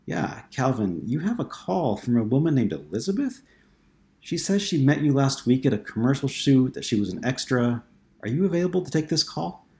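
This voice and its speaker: A man's voice: medium pitch, very animated, normal speed, mellow, voice pushed up. A man reading an audiobook, voicing a polite, businesslike female receptionist who asks questions. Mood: inquiring.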